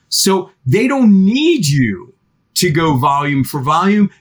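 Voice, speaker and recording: A middle-aged man, a guest expert on teen parenting, speaking in a podcast interview with an animated manner. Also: high-pitched, takes it slowly.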